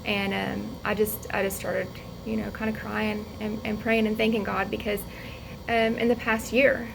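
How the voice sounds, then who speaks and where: A woman vlogger telling a personal story in a casual, chatty way, laughing often, acting out quotes, and going soft and hushed as she reflects. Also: mid-range voice, flat delivery, moderate pace, vocal fry, noisy background.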